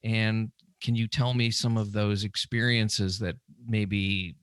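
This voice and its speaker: A man's voice: on the low side, little pitch movement, takes it slowly, smooth, dry recording. A man hosting a podcast, asking rambling questions and restarting them, on a close studio mic. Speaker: podcast host. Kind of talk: casual interview questions.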